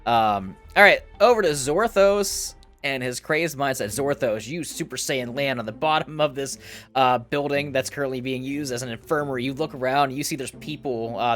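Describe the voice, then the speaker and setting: Guy running a tabletop game, chill and sweary, mid pitched voice. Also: fairly bright tone. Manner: casual, swears, laughs often. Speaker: game master.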